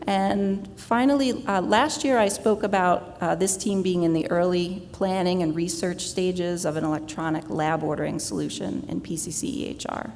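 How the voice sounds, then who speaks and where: A woman presenting product plans at a conference in a relaxed way, with fillers. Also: moderate pace, few pauses. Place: large conference hall. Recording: reverberant hall with low rumble.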